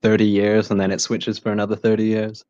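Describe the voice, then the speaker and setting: A man's voice: fairly low pitch, completely flat delivery, fairly quick, darkish tone, dry recording. Wry man on a dull-sounding line. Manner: wry, teasing questions. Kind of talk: casual chat.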